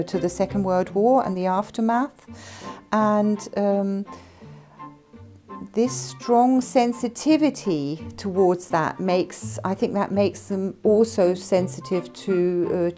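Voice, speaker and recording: A woman's voice: mid-range voice, mellow. A woman who tutors English, explaining her views thoughtfully in an interview. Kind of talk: interview answers.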